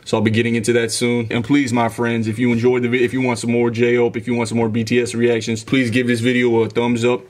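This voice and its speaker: A man's voice: mid-range voice, completely flat delivery, fast talker, hardly any pauses. A man hosting a music reaction video, eagerly explaining the rap flow and delivery in casual chat. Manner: enthusiastic, analytical about rap flow.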